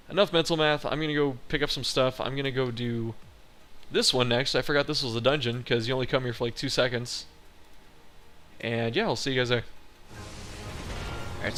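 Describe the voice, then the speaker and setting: A man of middle pitch chats his way through a boss fight as a let's play host, loose, profane and humming along as he plays. Game music runs clearly behind his voice. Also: pushed and bright. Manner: chatty and profane, hums along while fighting. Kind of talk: casual gameplay commentary.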